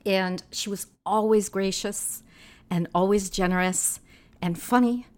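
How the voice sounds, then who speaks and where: A woman in her sixties, a filmmaker and activist talking as a guest in a casual interview, telling lively anecdotes. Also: medium pitch, measured pace. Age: 60s. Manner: lively storyteller, animated anecdotes.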